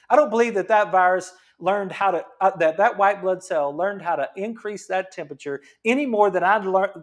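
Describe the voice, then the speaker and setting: A middle-aged man, a chiropractor giving a fired-up, preachy health talk full of rhetorical questions. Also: sits high.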